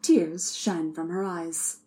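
A woman reading a story aloud as narrator, in an even, measured way. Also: fairly low pitch. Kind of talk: audiobook narration.

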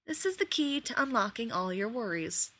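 A woman's voice: fairly high pitch, animated, moderate pace, bright, forceful tone. A woman reading the part of an easygoing, teasing man elf in a storybook tale.

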